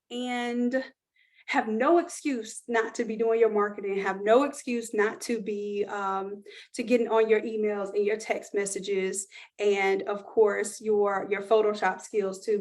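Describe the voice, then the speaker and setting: A woman hosting a live online class, chatting and pitching course offers to her viewers in an upbeat, casual way. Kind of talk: live-stream sales pitch.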